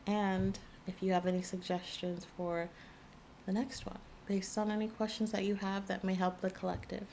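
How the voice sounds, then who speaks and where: A woman giving a soft, soothing channeled spiritual reading, with a gravelly morning voice. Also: mid-range voice, level tone, slight background noise. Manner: slow, soft and soothing, gentle guidance. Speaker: intuitive reader. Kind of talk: channeled tarot-style reading.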